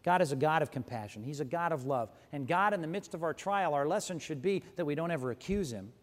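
A man preaching a sermon as a pastor, animated and emphatic, often stopping to correct himself. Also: fairly high pitch, big-room sound.

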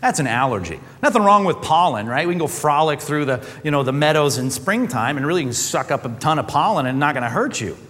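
A man preaching a sermon as pastor, animated, often acting out quoted voices. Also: on the high side, brisk, hardly any pauses. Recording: long hall reverb.

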